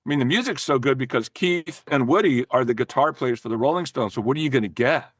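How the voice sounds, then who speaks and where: An older man, a former record promoter, telling animated, profane stories as a podcast guest, often restarting his sentences. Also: mid-range voice, quick pace, no echo, clean studio sound. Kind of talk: casual storytelling in a podcast interview.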